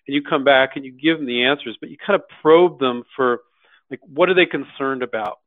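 Blunt, animated man on a tinny line. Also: medium pitch, normal speed, dry recording. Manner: animated, acts out quoted voices, blunt and slangy. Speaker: host answering viewer questions. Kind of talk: live Q&A, casual and direct. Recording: dry tinny phone-like sound.

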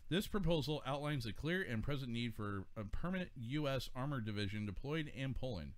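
A man's voice: mid-range voice, lively intonation, a little fast. A man in his forties hosting a casual talk radio show, reading news items aloud and joking about them. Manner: reads news items aloud then jokes.

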